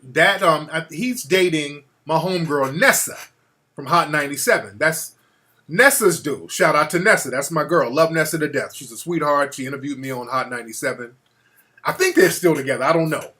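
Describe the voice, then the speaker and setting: A man's voice: on the high side, expressive, normal speed, bright, forceful tone. A man hosting a call-in talk show, chatting loosely and cursing freely. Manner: profane, loose and conversational. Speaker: radio talk show host.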